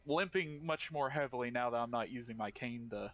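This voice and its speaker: A man playing in a tabletop game, calmly describing what his character does. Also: medium pitch, a little fast. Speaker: player. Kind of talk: casual tabletop play.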